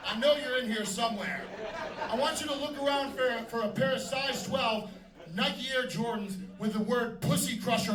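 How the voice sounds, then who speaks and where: A man doing a stand-up comedy set with brash, punchy delivery and dark deadpan jokes. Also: very high-pitched. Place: comedy club stage. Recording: echoey club from a distance with noise. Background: audience laughter.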